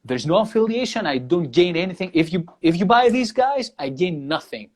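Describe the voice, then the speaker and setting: Heard via video call or live stream, this guest guitarist from Greece has a high-sitting, expressive voice and a moderate pace. He speaks accented English in a relaxed interview, earnest and appreciative, restarting sentences frequently.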